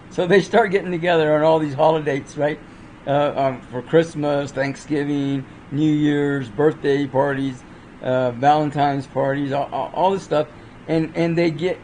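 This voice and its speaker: A man with a fairly high voice chats through movie reviews in a loose, rambling way. He trips over his words, restarts sentences and fills gaps with lots of fillers. Faint ambient noise sits behind him. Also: a little mellow, rough recording. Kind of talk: casual spoken movie review.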